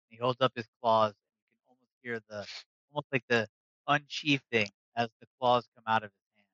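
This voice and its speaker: A man narrating as game master in a tabletop game, describing scenes slowly and with detail. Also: medium pitch, sharp tone, no echo, lo-fi sound. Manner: slow, descriptive storytelling.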